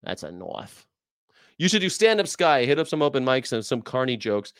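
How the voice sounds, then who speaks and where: A man's voice: medium pitch, very animated, brisk, clear, resonant tone, no echo, studio quality. A man hosting a reaction video, brash and joking, swearing and repeating short slogans. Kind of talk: blunt reaction commentary.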